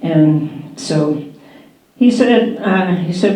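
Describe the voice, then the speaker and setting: Older woman telling a slow story. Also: low voice, fairly even intonation, muffled recording. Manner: halting, unhurried, with soft chuckles. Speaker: former professional baseball player. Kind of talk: storytelling at a museum panel. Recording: roomy hall echo.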